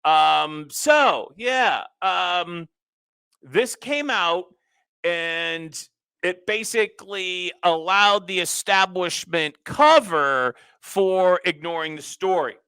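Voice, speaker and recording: A man's voice: high voice, takes it slowly, pushed and bright, clear, resonant tone, no room sound. A man hosting a show, talking through a political commentary monologue, reading quotes aloud and adding mocking, sarcastic asides. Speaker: host.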